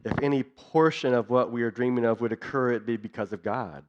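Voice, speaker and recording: A man's voice: medium pitch, a little fast. A man giving a church missions talk in an earnest way, building his points through repeated lists, in a dull lo-fi recording. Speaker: missions speaker.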